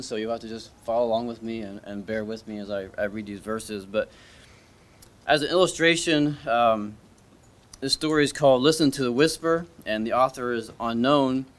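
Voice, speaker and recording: A man delivers a sermon to a church congregation in an easy, conversational manner. He hesitates often, restarts his sentences and asks his listeners questions. His voice sits in a middle pitch. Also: a little fast, a bit bright. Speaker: preacher. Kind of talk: informal sermon with story. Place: church service.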